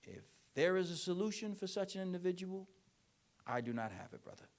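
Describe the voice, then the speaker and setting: A man giving a keynote speech and answering audience questions, telling stories with emphatic, repeated phrasing. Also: sits high. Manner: animated storytelling, acts out parents and children in quick voices; emphatic, repetitive rhetorical phrasing. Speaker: keynote speaker.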